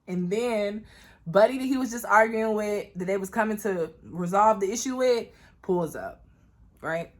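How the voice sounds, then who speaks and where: A woman from Florida spins a wild storytime for her viewers, loud and profane. She leans into asides to the audience and jumps high in pitch whenever she acts out what someone said. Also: animated, measured pace, pauses often. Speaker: vlogger. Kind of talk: storytime vlog, casual storytelling.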